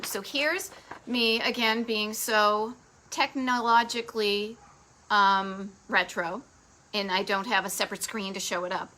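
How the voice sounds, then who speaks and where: Middle-aged Boston woman, upbeat live-stream host, bright lively voice, chatty. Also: high voice, low-quality recording. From Massachusetts. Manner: bubbly, chatty, quick asides to viewers. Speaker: host of a live travel show. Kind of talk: casual live-stream chat.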